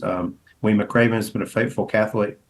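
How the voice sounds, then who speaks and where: A middle-aged pastor and author from the American South tells stories as a podcast guest, speaking quickly in a steady tone. He rambles with many restarts and acts out quotes in a higher voice, and the recording is low quality.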